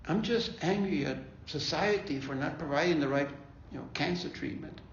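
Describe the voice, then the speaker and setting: A man's voice: fairly high pitch, normal speed, a little hiss or hum. A man leading a faith-based bereavement talk, conversational, often repeating himself and checking in with "okay?". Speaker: grief ministry leader. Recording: echoey room, dull lo-fi sound.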